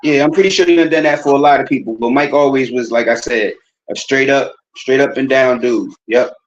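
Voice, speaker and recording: A man's voice: medium pitch, a little fast. A man chatting casually as an interview guest, laid-back and rambling. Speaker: actor guest. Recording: dull lo-fi sound.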